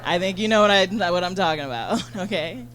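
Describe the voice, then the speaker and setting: A woman doing a stand-up set on a club stage, chatty and bubbly, full of fillers and quick asides to the crowd. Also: lowish voice, a bit bright. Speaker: stand-up comedian. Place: comedy club stage in front of an audience.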